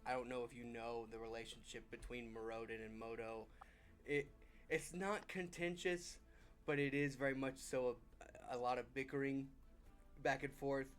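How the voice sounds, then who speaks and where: A man voicing a polite, soft-spoken male dwarf cleric who talks in hesitant, apologetic restarts. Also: medium pitch, steady tone, moderate pace, soft background music, close to an everyday voice. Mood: gentle, polite.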